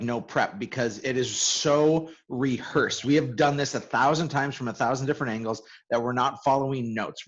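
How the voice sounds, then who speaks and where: A man co-hosting a real estate coaching webinar in casual chat, quick and prone to repeating words as he starts a sentence. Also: mid-range voice. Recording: dull lo-fi audio.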